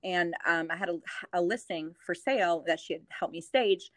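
A woman's voice: on the low side, moderate pace, a bit bright, no room sound. Chatty, giggly woman in a dry room. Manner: giggly, chatty storyteller with lots of fillers. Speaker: real estate agent and TV show host. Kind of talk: casual interview chat.

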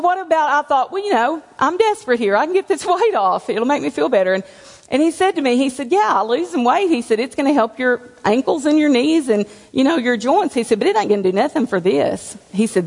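A woman's voice: sits high, lively intonation, a little fast, darkish tone, big-room sound. A woman giving a candid, conversational personal testimony to a church congregation, with self-deprecating humor. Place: church sanctuary.

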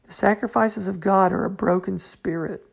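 A woman's voice: medium pitch, fairly even intonation, moderate pace, vocal fry, husky. A woman giving an informal Bible study talk, conversational and full of restarts. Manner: conversational, fills with "you know", restarts often. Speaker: Bible teacher.

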